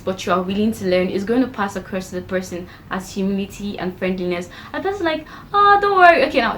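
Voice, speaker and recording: A woman's voice: mid-range voice, a little hiss or hum, low-quality recording. Chatty young woman giving advice. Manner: chatty, acts out little quoted exchanges. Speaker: vlogger giving self-improvement tips. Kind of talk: casual talk-to-camera advice.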